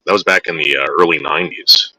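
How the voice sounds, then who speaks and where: Man, 40s, from New Jersey, lowish voice, very bright and sharp tone, rambling profane storyteller, dry close sound. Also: quick pace, no echo, low-quality recording. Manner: rambling and profane, acting out quotes. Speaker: vlogger. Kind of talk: casual storytelling to viewers.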